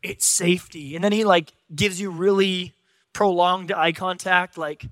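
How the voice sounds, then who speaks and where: High-voiced joking male preacher. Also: fairly even intonation, a little slow, fairly bright tone, dry recording. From San Diego, USA. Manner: joking, self-deprecating storytelling. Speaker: pastor. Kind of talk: sermon. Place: church stage.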